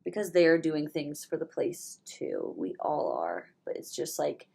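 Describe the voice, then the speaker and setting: A young woman with a low voice talks in a loose, rambling way, stuffed up and worn out from a hangover. She swears without a second thought, and now and then her voice falls to a whisper. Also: very animated, unhurried, creaky, dark tone, husky. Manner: rambling and candid, swears freely, with sudden whispered asides. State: hungover and stuffy-nosed. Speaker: vlogger. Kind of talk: casual spiritual vlog monologue.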